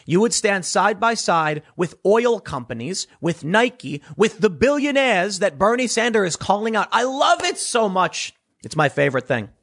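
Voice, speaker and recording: A political commentator with a high-pitched voice talks at normal speed with hardly any pauses. Speaking straight to his audience in a sarcastic opinion monologue, he is animated and mocks the voices of others.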